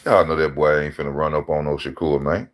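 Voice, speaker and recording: A man talking casually on a live stream, animated and slangy, laughing often as he answers chat about boxing. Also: extremely low pitch, fairly quick. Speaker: boxing channel host reading live chat.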